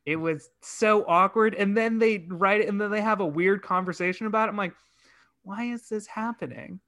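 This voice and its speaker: Bright, high-voiced animated man. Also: a little fast. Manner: animated, swearing, acts out his own reactions. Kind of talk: casual chat about a film.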